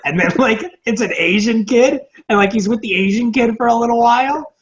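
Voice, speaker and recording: A young man co-hosting a casual movie podcast, rambling, profane and excitable. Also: very high voice, fairly quick, few pauses, lo-fi sound. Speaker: podcast co-host.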